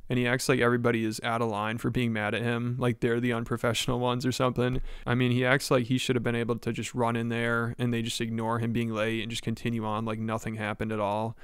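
Flat, crisp male commentator. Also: mid-range voice, no echo, clean studio sound. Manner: matter-of-fact, critical. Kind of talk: casual video commentary.

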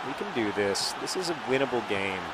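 A man casually commenting while playing a video game, rambling and restarting sentences, with sudden excited outbursts. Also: mid-range voice, a little fast, very noisy. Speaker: video host.

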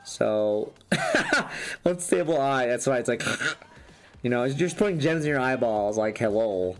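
A YouTuber losing his voice opens trading card packs and chats about each card in a loose, rambling way, restarting sentences. His medium-pitched voice is a little mellow with lively intonation and a moderate pace, set against faint music.

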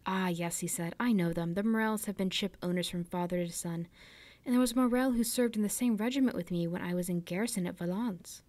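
A woman's voice: on the low side, fairly quick, darkish tone, no echo, close to an everyday voice. Woman reading as Dantès, earnest young sailor. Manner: respectful, plainspoken. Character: earnest young male ship's mate.

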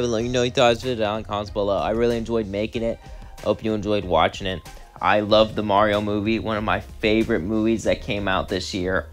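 A young man telling a fan story in a casual storytelling style and chatting rambling and giggly to his viewers. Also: on the low side. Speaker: channel host.

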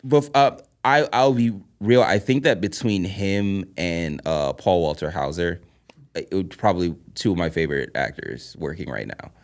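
A man's voice: deep voice, animated, moderate pace. A man co-hosting a film podcast, chatting enthusiastically, swearing casually and restarting his sentences. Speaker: podcast co-host. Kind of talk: casual chat.

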